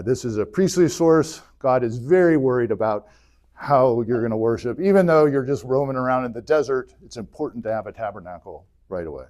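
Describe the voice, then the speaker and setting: A man teaching an adult church class, retelling scripture in a casual, joking way with quick bursts of character voices. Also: mid-range voice, darkish tone. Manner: jokey retelling, voices biblical figures in bursts. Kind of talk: casual Bible history lecture.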